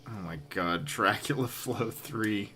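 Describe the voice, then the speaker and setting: A man's voice: on the low side, takes it slowly, sharp tone, slight background noise. A man streaming live, giving casual, dry and sarcastic commentary.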